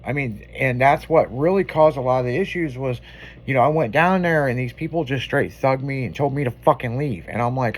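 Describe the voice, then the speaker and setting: A male radio host spinning a rambling, profane story in casual banter. His voice sits in an ordinary middle pitch and he talks loosely, acting out bits of the tale as he goes. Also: fairly quick.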